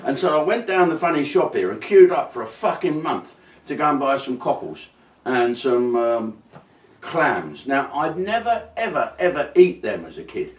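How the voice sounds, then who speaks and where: A man's voice: medium pitch, big pitch swings, moderate pace. A man hosting his own show with a rambling, sweary, mock-outraged comic monologue. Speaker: host. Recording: roomy sound from a distance.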